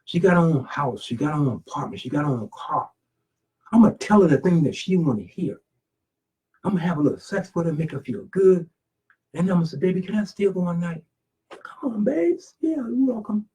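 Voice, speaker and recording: A sly, smooth-talking homeless man plots out loud how to charm his way into a working woman's house, as a man puts him on. The voice rises higher than usual and turns wheedling, with a husky grain underneath. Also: animated, a little fast, heavily acted, rough recording. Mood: scheming.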